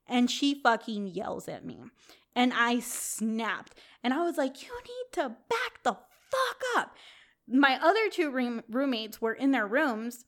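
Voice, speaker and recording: A young woman co-hosting a chat, telling a story in a lively way, swearing freely and laughing often. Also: a little high.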